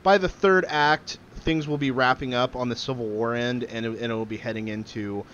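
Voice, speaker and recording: A man's voice: mid-range voice, steady tone, fairly quick, a bit bright. A man co-hosting a casual fan podcast, restarting sentences and stating firm opinions. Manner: stammering restarts, emphatic opinions. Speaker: podcast co-host. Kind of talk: casual chat. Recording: dull lo-fi sound with faint noise.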